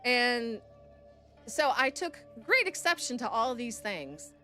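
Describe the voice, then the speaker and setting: A woman's voice: on the high side, big pitch swings, slow pace, bright, forceful tone, soft background music. A woman streamer telling a story to her chat in a blunt, profane, heated way.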